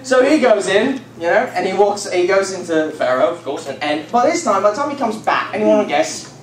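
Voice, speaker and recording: A man's voice: high-pitched, animated, fairly quick. A young man retelling a Bible story to a youth group in a casual, rambling, joking way with lots of fillers. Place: church youth room. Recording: echoey room from far off, noisy.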